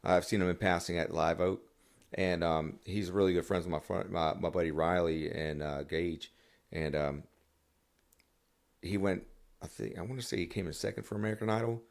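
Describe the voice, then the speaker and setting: Deep gravelly man, rambling chat. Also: steady tone, normal speed. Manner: rambling, with many restarts and fillers. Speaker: songwriter guest. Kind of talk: casual podcast conversation.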